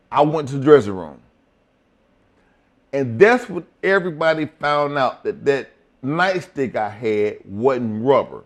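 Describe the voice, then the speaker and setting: A middle-aged man telling profane, animated stories as a guest in a shoot interview. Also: medium pitch. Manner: profane, animated storytelling with acted quotes. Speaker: interview guest, former wrestler.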